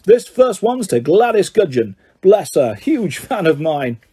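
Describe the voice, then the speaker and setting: A man's voice: high-pitched, sing-song, a little slow, warm tone, slightly rough, exaggerated voice. A man voicing a vain, showy wizard teacher who gushes in a self-satisfied way. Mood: smug.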